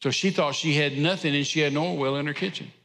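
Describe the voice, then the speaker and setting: A man preaching with a somewhat high voice, driving his points home with emphatic repetition. His sermon rings out through a church hall with a long, trailing reverb. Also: steady tone, fast, fairly bright tone. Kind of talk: sermon storytelling. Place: church sanctuary.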